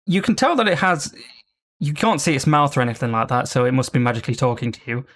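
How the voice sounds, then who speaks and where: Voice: medium pitch, quick pace, fairly bright tone. A game master narrating a tabletop game with loose, laughing delivery.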